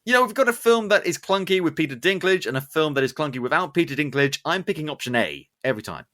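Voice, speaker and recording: A man hosting a podcast, recapping a film in casual chat with animated, sarcastic asides. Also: fairly high pitch, quick pace. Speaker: podcast host.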